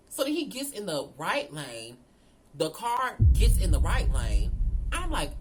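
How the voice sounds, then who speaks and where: A woman telling a storytime vlog, animated and profane, talking straight to her viewers. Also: medium pitch, normal speed, a little hiss or hum. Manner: animated, profane, addresses viewers as girl and y'all. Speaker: storyteller vlogger.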